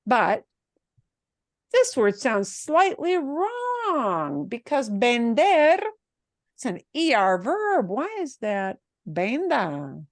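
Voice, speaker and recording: A woman teaching a class, patiently explaining and rephrasing, slipping in short Spanish phrases with a chatty, lively manner. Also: high voice, very slow, no echo, clean studio sound.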